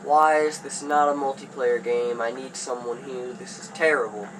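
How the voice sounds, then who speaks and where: A man's voice: medium pitch, steady tone, moderate pace. A man commentating a horror game as he plays, jittery and panicky and talking to himself. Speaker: gamer. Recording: hum of background noise.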